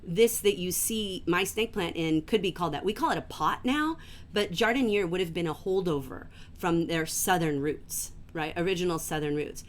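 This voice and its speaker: A woman teaching a livestreamed literature class from home, enthusiastic and gently emphatic, reading passages aloud slowly. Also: fairly low pitch, slight background noise.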